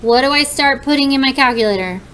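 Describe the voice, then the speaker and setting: A woman's voice: sits high, quick pace, a bit bright, slight background noise, low-quality recording. A woman teaching a class, walking students through steps in an upbeat, encouraging way. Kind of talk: classroom lesson.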